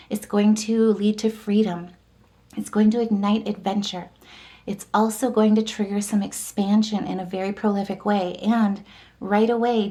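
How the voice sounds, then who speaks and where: A tarot and astrology reader gives a casual, upbeat horoscope reading, chatty and encouraging as she runs through long lists of keywords. Her voice is mid-range with a dark tone.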